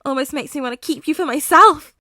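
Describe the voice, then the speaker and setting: A woman's voice: high voice, fairly quick, bright, forceful tone, dry recording, clean studio sound, pitched above the performer's own voice. A woman voicing an unhinged, teasing villainous teenage boy in a fan audiobook reading. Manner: sing-song, teasing, unsettling.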